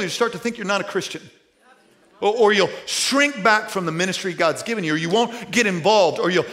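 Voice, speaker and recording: A man preaching a sermon to his congregation, animated and joking, then dropping to a hushed tone for scripture. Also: high voice. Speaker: pastor. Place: church sanctuary.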